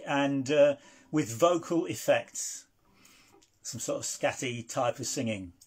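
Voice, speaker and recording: A man hosting an online blues club in casual live-stream chat, halting and hesitant with many fillers. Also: mid-range voice, husky.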